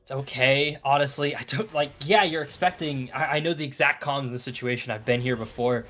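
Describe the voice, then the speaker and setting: A man giving relaxed, analytical commentary on a live esports match, thinking aloud with frequent fillers and restarts. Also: medium pitch, a little fast. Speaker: esports caster. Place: broadcast booth.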